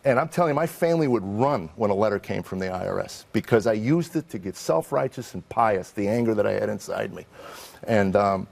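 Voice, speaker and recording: A man's voice: fairly low pitch, lively intonation, a little fast, creaky, a little mellow. A middle-aged man, a comedian guest in an interview, telling candid personal stories in a wry, self-deprecating way and acting out the people in them.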